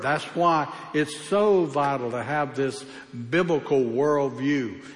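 A man preaching a sermon as pastor, emphatic and with a varied pace. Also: a little high. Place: church. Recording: echoey church hall.

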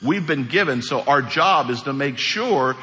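A man preaching a sermon as pastor, animated, acting out quotes as he preaches. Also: medium pitch, measured pace. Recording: echoey hall.

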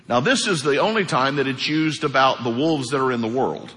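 A middle-aged man, a pastor, delivering an emphatic, animated sermon with quick asides, in a church sanctuary. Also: medium pitch. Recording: long hall reverb.

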